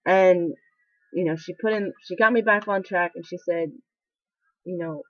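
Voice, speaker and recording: A woman's voice: fairly low pitch, moderate pace, pauses often, no room sound. Young woman, military trainee, casual confessional vlog, candid and rambling, dry dull home-mic sound. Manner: candid, rambling, emotional, with frequent fillers.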